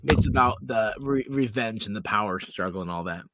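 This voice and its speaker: A man's voice: lowish voice, a little fast, a bit bright, no room sound. Emphatic man co-hosting a podcast. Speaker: podcast co-host. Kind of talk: casual chat.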